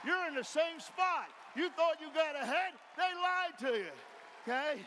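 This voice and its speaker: A man giving a folksy, emphatic motivational speech from a stage, firing off rhetorical questions and sometimes shouting. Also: very high voice, lively intonation, a little slow, a crowd in the background. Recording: reverberant hall, faint background noise.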